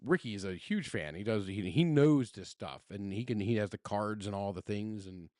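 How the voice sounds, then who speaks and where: A man's voice: lowish voice, normal speed, no room sound, clean studio sound. A middle-aged man with a Southern American accent, co-hosting a podcast in casual chat, telling stories with lots of laughs and restarts. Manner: animated, laughing storyteller with many restarts. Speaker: podcast co-host.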